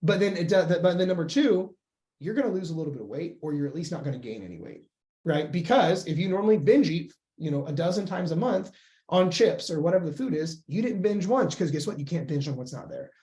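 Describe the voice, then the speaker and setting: A man coaching on weight loss in a casual, blunt and profane way, with lively acted-out inner voices. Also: fairly high pitch, brisk.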